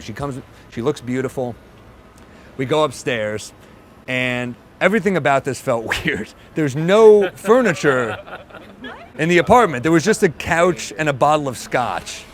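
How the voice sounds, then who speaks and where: A man's voice: mid-range voice, animated. A man doing stand-up, telling a story on stage and acting out the voices of the people in it. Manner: quick asides, acts out quoted voices. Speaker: stand-up comedian. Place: stage before a live audience. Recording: live show with crowd noise.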